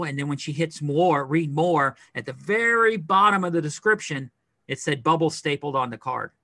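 A middle-aged man co-hosting a podcast, chatting casually in a rambling, animated way with lots of fillers. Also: on the high side, moderate pace, creaky. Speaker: podcast co-host. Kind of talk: casual chat.

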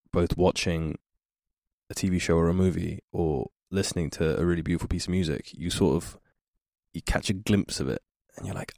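A man's voice: deep voice, gravelly, darkish tone, no echo, studio quality. A young man, an actor guest, talking casually and reflectively in a podcast chat, laughing easily and trailing off.

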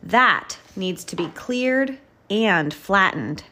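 A woman's voice: mid-range voice, expressive, extremely slow, bright, forceful tone, heavily acted. A woman voicing a tall, bossy male crane truck from a storybook, speaking in a commanding way. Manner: clanging, commanding.

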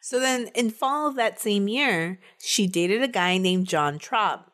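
A woman's voice: mid-range voice, animated, measured pace, fairly bright tone. A woman co-hosting a podcast, telling a true-crime case in a casual, chatty way and laughing between the facts.

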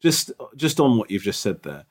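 A touring comedian co-hosting a podcast, talking in a teasing, expressive way. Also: male voice, fairly low pitch, normal speed. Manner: teasing, expressive, lively delivery. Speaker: podcast co-host. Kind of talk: casual chat.

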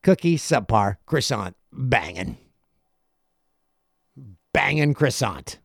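A middle-aged man hosting a podcast, telling a casual story and acting out other people's lines in quick asides. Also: fairly low pitch, very animated, vocal fry, no echo, studio quality. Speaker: podcast host.

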